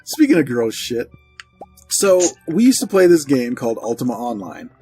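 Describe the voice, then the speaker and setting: Male let's-play host, mid pitch, casual crude banter over gameplay. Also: sing-song, moderate pace, mellow, faint music behind. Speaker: gaming channel host.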